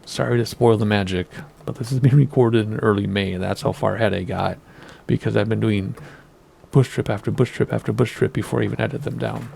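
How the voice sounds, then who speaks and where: A man in his thirties with a gravelly, fry-heavy voice, rambling his way through casual gameplay commentary. He talks in a relaxed, meandering way and wavers over pronunciations. His tone sits low and mellow. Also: fairly quick, a little hiss or hum. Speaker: flight sim video host.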